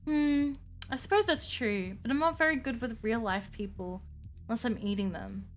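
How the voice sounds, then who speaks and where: A woman's voice: fairly high pitch, moderate pace, a little hiss or hum, close to an everyday voice. A woman voicing a haughty ancient vampire recluse. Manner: haughty and archaic, calmly menacing. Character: lonely ancient female vampire hermit, morbid.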